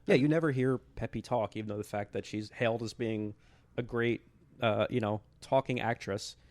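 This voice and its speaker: A man's voice: medium pitch, steady tone, moderate pace, darkish tone, no room sound. Dry, close-miked man chatting about films. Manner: enthusiastic, rambling with many restarts. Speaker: podcast co-host. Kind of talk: casual film chat.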